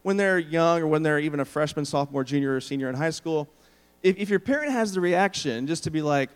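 Animated preaching man in a hall. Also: fairly high pitch, fast talker, clear, resonant tone. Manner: storytelling, animated, acts out quotes. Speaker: pastor. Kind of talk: sermon. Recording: long hall reverb.

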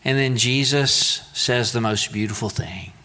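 A man's voice: mid-range voice, measured pace, sharp tone. A man preaching a sermon in a conversational way, with playful asides. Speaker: pastor. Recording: long hall reverb.

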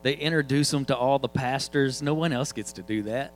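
A man's voice: mid-range voice, fairly quick, a little hiss or hum, low-quality recording. A man, preaching in a casual, joking storytelling way. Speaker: guest preacher. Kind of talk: sermon storytelling.

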